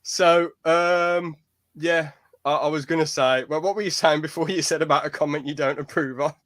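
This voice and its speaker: A man's voice: fairly high pitch, steady tone, moderate pace, fairly bright tone. A young man hosting a podcast in casual chat, laughing often and joking crudely. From United Kingdom. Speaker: podcast host.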